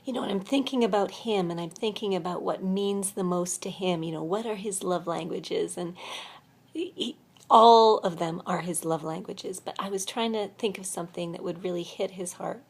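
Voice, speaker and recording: A woman vlogger telling a personal faith story in an earnest, heartfelt way, halting often with fillers. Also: fairly low pitch, gravelly, husky.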